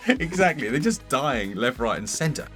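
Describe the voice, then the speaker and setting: A man's voice: medium pitch, very animated, normal speed, fairly bright tone, faint music behind. A man co-hosting a casual, joking chat about video games. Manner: playful, self-described nerd, jokey. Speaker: co-host.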